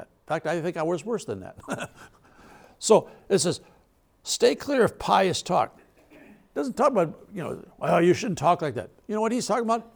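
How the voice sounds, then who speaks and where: A man's voice: high-pitched, gravelly. A male pastor preaching a sermon in a conversational way, asking the crowd questions and laughing between points.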